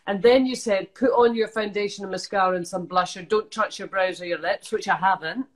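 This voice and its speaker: A woman's voice: mid-range voice, a little fast. A Scottish woman co-hosting a casual chat over a video call, telling stories about her own makeup mishaps. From Scotland. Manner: chatty storyteller, self-mocking. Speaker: co-host.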